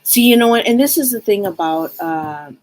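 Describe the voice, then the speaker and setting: A woman's voice: mid-range voice, animated, normal speed, rough recording. A woman hosting a live-stream psychic reading show, talking in a heartfelt, rambling way with many restarts.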